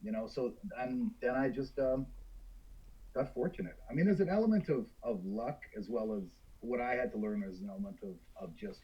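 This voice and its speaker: A man's voice: medium pitch, fairly quick, breathy edge, dull audio. A man from Canada, an actor, telling candid stories in a casual interview over a call. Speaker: actor guest.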